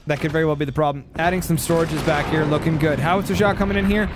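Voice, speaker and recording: A high-pitched man casting a strategy game, calling the action play by play. He gets excitable and bursts into loud cries at big moments. His voice sounds a little stuffy from post-nasal drip. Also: fast, few pauses, noisy background. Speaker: game caster.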